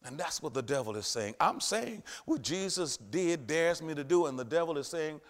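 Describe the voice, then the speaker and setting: Emphatic preacher man with loud rises. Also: fairly high pitch, expressive, normal speed, few pauses. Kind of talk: sermon.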